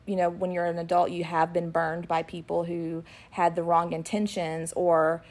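A middle-aged woman co-hosting a podcast, chatting and telling lively family stories about her kids in an animated way. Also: lowish voice, moderate pace. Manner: animated, acts out her kids' voices when retelling. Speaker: podcast co-host and ministry worker. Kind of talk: casual chat with storytelling.

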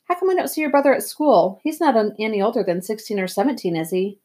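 A woman's voice: on the high side, big pitch swings, quick pace, darkish tone. A woman reading aloud, voicing a blunt, nosy teenage girl asking offhand questions. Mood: curious.

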